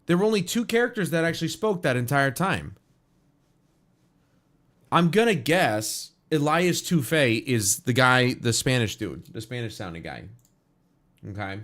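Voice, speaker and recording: A man's voice: mid-range voice, expressive, a little slow, pauses often, fairly bright tone. A man hosting a casual gaming livestream, reacting aloud in a rambling, frank and opinionated way. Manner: rambling, musing aloud, frequent restarts.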